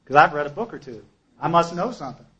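A man with a bright, forceful voice that sits a little high. He tells his recovery story like a lively storyteller, slipping into the voices of the people he met and poking fun at himself. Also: fast, lo-fi sound. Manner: animated storyteller, acts out dialogue, self-deprecating. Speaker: speaker sharing recovery story. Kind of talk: personal testimony talk.

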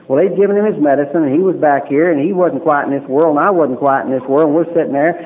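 A man's voice: on the high side, fast talker. A man giving a personal testimony at a recovery meeting, a folksy storyteller who acts out what people said. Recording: tinny lo-fi recording with faint hiss.

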